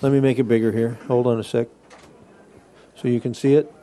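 A man's voice: medium pitch, flat delivery, brisk, mellow. A man teaching a class, explaining patiently, restarting phrases and checking in with his listeners. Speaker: Bible Greek teacher. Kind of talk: classroom lecture.

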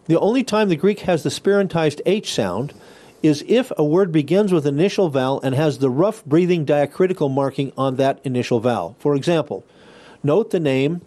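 Mellow-voiced man teaching Greek. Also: on the high side, lively intonation, moderate pace. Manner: explanatory, repeats and restarts phrases; checks in with listeners often. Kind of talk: classroom lecture.

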